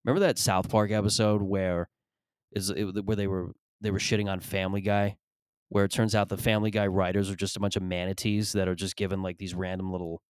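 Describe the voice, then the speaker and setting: Comedian host, man, lowish voice, dry close recording, rambling profane monologue. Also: smooth, no echo. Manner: rambling, profane, self-deprecating.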